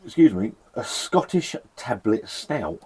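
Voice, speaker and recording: Husky-voiced English man reviewing beer. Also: on the low side, very animated, measured pace, a little mellow. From England. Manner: chatty, sweary, rambling with self-deprecating laughs. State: shivering from the cold. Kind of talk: casual beer review vlog. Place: cold outdoor shed.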